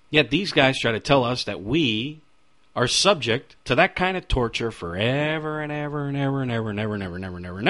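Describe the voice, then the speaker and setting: A man's voice: medium pitch, pushed and bright, no room sound. A middle-aged man giving a radio sermon, asking rhetorical questions and quoting scripture with emphasis. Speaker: radio preacher.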